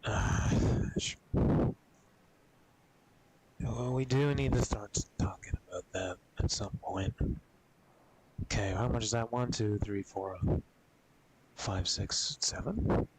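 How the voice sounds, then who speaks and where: A man streaming games, chatting casually and rambling with a lot of swearing, coughing and clearing his throat often. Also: fairly low pitch, takes it slowly, pauses often, background noise. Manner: profane, rambling, laid-back. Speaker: gaming streamer.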